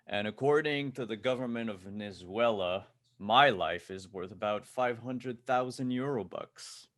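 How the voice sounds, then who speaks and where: A man's voice: fairly low pitch, measured pace, a bit bright. A man voicing a big, tough male bodyguard who speaks steadily and threateningly in a tabletop game. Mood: calm menacing.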